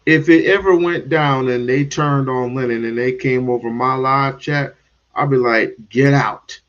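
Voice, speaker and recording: A man's voice: mid-range voice, fairly even intonation, moderate pace, fairly bright tone, dull audio. A man hosting a livestream, talking bluntly and in a drawl straight to his chat. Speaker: livestream host. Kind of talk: livestream commentary.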